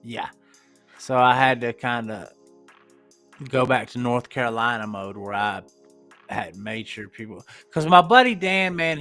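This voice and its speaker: A man with an Appalachian accent, hosting a livestream in casual, profane chat and talking in a slow drawl. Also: fairly high pitch, sharp tone. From Appalachian United States. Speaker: livestream host.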